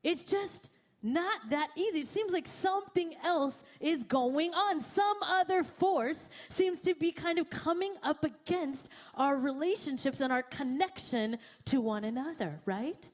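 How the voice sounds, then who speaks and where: A young woman preaching a sermon, telling a personal story and acting out her own panicked thoughts. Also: high voice. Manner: animated, acts out her own panicked quotes. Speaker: pastor.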